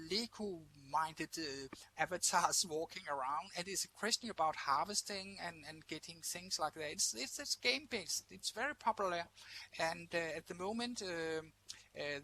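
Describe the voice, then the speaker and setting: A man's voice: high voice, bright, forceful tone, slight background noise. A man speaking as an in a casual online discussion, hesitant, with many fillers and repeated words. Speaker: participant teacher.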